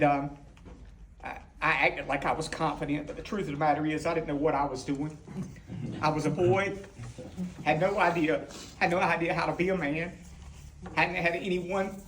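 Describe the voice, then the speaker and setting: Give me a man in his fifties with a slightly raised voice, giving a heartfelt, halting tribute. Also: on the high side, a little hiss or hum. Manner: halting, self-correcting, openly emotional. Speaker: longtime employee giving a tribute. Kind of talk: emotional heartfelt speech.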